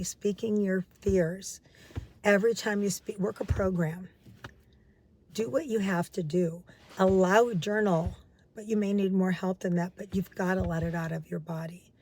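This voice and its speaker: A woman's voice: medium pitch, warm tone, a little hiss or hum. A middle-aged woman, a recovery coach, giving casual, earnest advice and repeating key phrases for emphasis.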